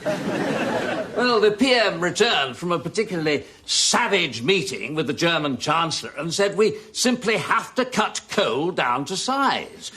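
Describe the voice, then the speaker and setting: A man's voice: a little high, big pitch swings, a little slow, sharp tone, some chatter behind, exaggerated voice. An actor playing a pompous, exasperated senior male minister in a 1980s studio sitcom, who blusters and hurls insults. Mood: blustering. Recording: noisy studio recording with audience.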